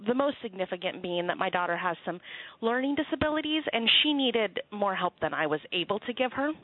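A woman's voice: medium pitch, lively intonation, brisk, no echo. A woman in her thirties, a guest author calling in, chatty and joking with fillers. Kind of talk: phone interview. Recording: dry tinny phone line.

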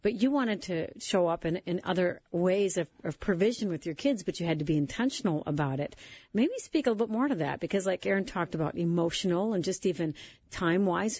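A woman's voice: lowish voice, darkish tone, husky, muffled recording. A woman hosting a casual talk, prompting her guest to say more. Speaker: podcast host. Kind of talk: casual interview chat.

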